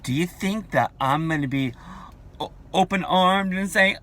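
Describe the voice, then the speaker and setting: Slow, emphatic ranting man in his forties. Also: high voice, fairly bright tone. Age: 40s. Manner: emphatic, repetitive, combative. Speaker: vlogger. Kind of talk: ranting vlog monologue.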